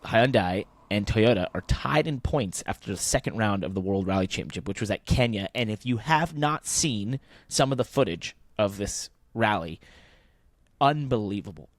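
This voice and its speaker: A man's voice: on the low side, lively intonation, normal speed, dry recording. A man in his thirties co-hosting a motorsport podcast, chatting enthusiastically with a voice wearing out. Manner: conversational, enthusiastic, with fillers. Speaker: podcast co-host. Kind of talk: casual motorsport podcast chat.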